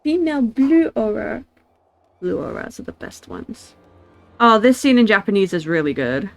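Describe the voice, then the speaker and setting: A woman's voice: a little high, sing-song, moderate pace, creaky, soft background music. A woman streaming a video game, chatting casually and reading game lines aloud.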